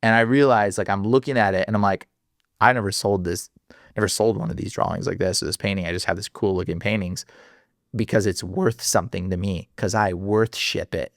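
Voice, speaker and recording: As a podcast guest, a man tells a personal story in an excitable, slangy way, laughing often and jumping high in pitch when he gets worked up. He talks a little fast, and the recording is dry and clean, with studio sound.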